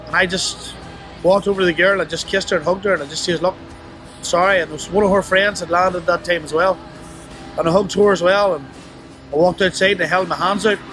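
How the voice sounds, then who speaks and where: A young man telling a painful personal story in an interview, halting and remorseful, with many restarts and fillers. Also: fairly even intonation, fairly bright tone, soft background music. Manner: halting, full of "you know" and restarts; remorseful, low and subdued.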